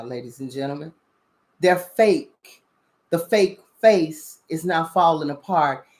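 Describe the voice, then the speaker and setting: A woman hosting a spiritual talk show, preaching bluntly with lots of profanity and repeated "you understand?" questions. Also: lowish voice. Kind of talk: casual spiritual commentary.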